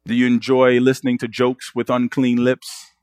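A male pastor delivers an earnest sermon, firing rhetorical questions at his listeners. His voice sits in a middle pitch. The sound is dry and close, with no room echo. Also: monotone, normal speed, a little mellow.

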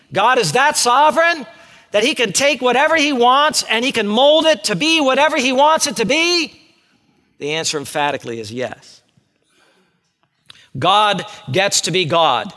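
A man preaching a sermon, animated and emphatic. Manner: animated preaching, rising to emphatic high bursts. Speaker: pastor. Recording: long hall reverb.

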